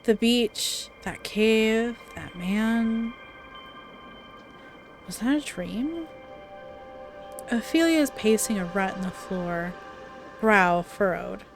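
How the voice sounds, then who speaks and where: Unhurried woman reading a spooky game aloud. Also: mid-range voice. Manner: dramatic read-aloud broken by chatty asides and laughs. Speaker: let's play player. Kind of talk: reading a visual novel aloud.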